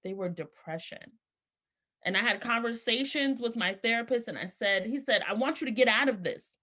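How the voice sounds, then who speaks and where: A woman's voice: fairly high pitch, brisk, bright, forceful tone. A woman in her thirties giving an earnest, emotional personal testimony. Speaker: speaker sharing her story.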